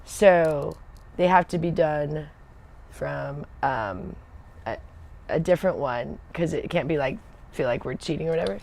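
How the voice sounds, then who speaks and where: This Air Force veteran on a livestream tells a loose, rambling story, her low voice measured and a little mellow with vocal fry. She drifts onto side paths, loses track of her point, and keeps laughing.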